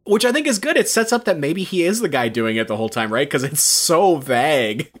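A man's voice: on the high side, animated, a little fast, fairly bright tone. A man co-hosting a casual chat, talking eagerly and rambling with lots of filler words. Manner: enthusiastic, rambling with many "like"s. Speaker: podcast co-host.

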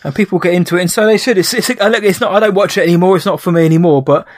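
Quick-talking English man, dry sound. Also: sits high, no room sound. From England. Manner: chatty, quick banter. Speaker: podcast co-host. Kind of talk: casual chat.

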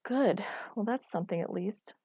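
A woman's voice: medium pitch, normal speed, dark tone, husky, no echo, clean studio sound, close to an everyday voice. A woman reading aloud, voicing an intense, protective young man who speaks emphatically. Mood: insistent.

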